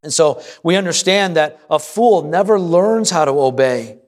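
Man preaching a sermon, somewhat high voice. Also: lively intonation, moderate pace. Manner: preaching with call-and-response to the congregation; reads scripture aloud and acts out an anxious prayer. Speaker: pastor.

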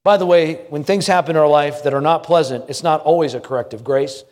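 A man's voice: fairly high pitch, brisk, darkish tone, long reverb tail. A middle-aged man preaching a sermon, telling a story dramatically and building repeated refrains. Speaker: pastor. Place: church sanctuary.

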